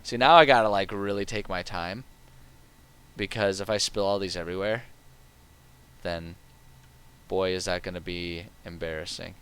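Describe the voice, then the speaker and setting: A man's voice: low voice, normal speed, long pauses, a bit bright, slight background noise. A man streaming a game live, talking casually and rambling with lots of fillers. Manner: rambling and chatty, with many fillers.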